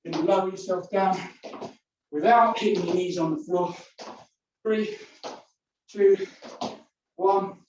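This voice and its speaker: A woman's voice: mid-range voice, steady tone, slow pace, long pauses. A woman fitness instructor leading a workout indoors, counting down and calling out moves while exercising along, breathing hard between exercises. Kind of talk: leading a home workout class. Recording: very echoey room, distant mic, dull sound, faint noise.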